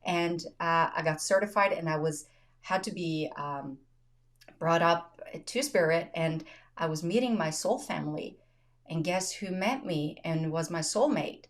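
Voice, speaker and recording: A woman's voice: on the low side, unhurried. A woman hosting a podcast, telling personal stories in casual chat, often laughing and voicing quoted dialogue. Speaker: podcast host. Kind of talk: casual conversational storytelling.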